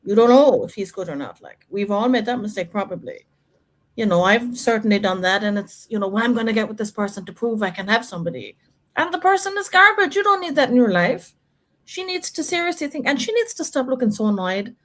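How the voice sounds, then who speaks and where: A woman's voice: fairly high pitch, expressive, fairly quick, fairly bright tone, poor audio. A woman hosting a casual live chat about a reality show, opinionated and chatty, with lots of fillers.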